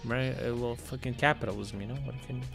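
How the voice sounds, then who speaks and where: A man streaming reaction commentary, swearing and ranting in loud outbursts. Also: mid-range voice, fairly even intonation, fairly quick, creaky, over music.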